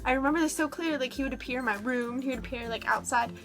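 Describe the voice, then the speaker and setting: Young woman vlogger, high voice, chatty and casual, filler-heavy storytelling. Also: quick pace, over music.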